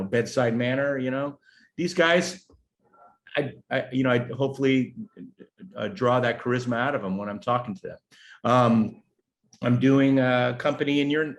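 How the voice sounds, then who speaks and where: A middle-aged American man, a business strategist talking as a guest in a casual interview, animated and jokey with many fillers. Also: medium pitch. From United States.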